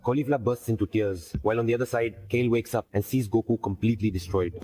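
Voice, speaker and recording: A man giving scripted narration of a fan-made anime story in an even, plain way. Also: on the low side, fast talker, few pauses, poor audio. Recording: faint music bed under voice.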